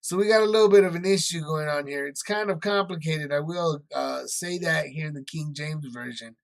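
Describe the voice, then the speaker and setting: Man, Bible study teacher, relaxed conversational delivery, many fillers, slightly high pitch. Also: a little fast, creaky. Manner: conversational, many fillers, paraphrases scripture in everyday words.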